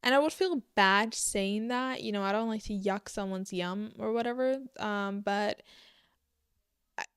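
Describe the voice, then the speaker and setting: A woman's voice: mid-range voice, a little slow, smooth, no room sound, studio quality. A young woman vlogging about books in a casual, rambling way, joking and full of fillers, sometimes breaking into mock panic. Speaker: booktok vlogger. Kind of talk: casual chat to camera.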